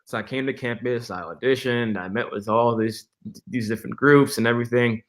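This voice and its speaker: Man, young adult, interview guest, lively storyteller, mid-pitched voice. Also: brisk. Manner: animated storyteller, acts out quoted dialogue with laughs. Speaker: interview guest, church musician.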